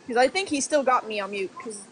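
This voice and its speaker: A woman's voice: a little high, quick pace, a bit bright, slight background noise. A young woman from the Netherlands, a Dutch speaker, hosting a casual livestream, rambling and laughing as she answers viewer comments. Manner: chatty, rambling, laughs often, restarts sentences. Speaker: livestream host.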